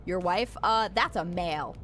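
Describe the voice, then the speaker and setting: A woman's voice: fairly low pitch, normal speed, fairly bright tone, faint music behind. A young woman streaming a game, making crude jokes and rambling casually. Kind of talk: casual livestream commentary.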